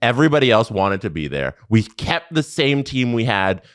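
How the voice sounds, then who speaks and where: A man's voice: medium pitch, moderate pace, clean tone, no echo, clean studio sound. A man co-hosting a podcast, telling stories casually and laughing easily. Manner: lively storytelling, laughs easily. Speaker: podcast co-host. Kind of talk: casual chat.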